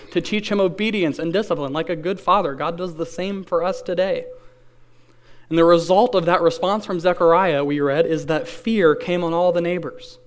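A man delivers a sermon, reading scripture and then explaining it in an earnest, conversational way. His voice is smooth and clear and sits a little high for a man. He asks his listeners questions and slows down to lean on key phrases. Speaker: pastor.

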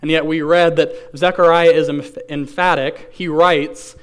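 A man preaching a sermon, reading scripture aloud and then explaining it in an earnest, conversational way, with rhetorical questions and slow, stressed key phrases. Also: on the high side, flat delivery, smooth. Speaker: pastor.

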